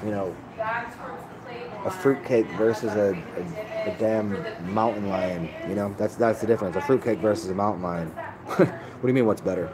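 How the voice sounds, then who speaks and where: Rambling live-streamer, male, low-pitched, loose and profane, chatter in the background. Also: normal speed, low-quality recording. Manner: rambling, profane, laid-back, restarts often. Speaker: livestreamer answering chat.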